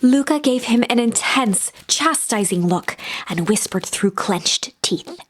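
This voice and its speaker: A woman narrating the story text of a game, in a storybook style, with a hushed delivery in tense passages. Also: on the high side, lively intonation, measured pace.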